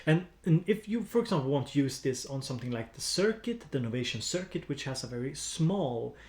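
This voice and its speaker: A man's voice: mid-range voice, very animated, brisk, a little mellow, roomy sound. A man with a Swedish accent chatting casually on a music-production live stream, rambling with lots of fillers and restarts while he edits samples. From Sweden.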